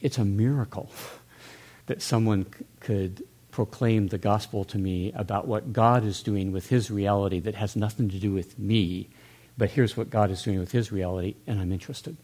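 A man's voice: lowish voice, fairly even intonation, normal speed, warm tone. An older man talking earnestly in a church discussion, musing aloud with restarts.

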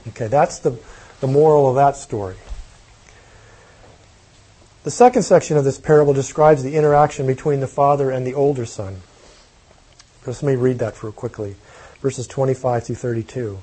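Man, sermon teaching, reads scripture then explains it plainly, husky, mellow. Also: mid-range voice, normal speed, long pauses, poor audio. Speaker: preacher.

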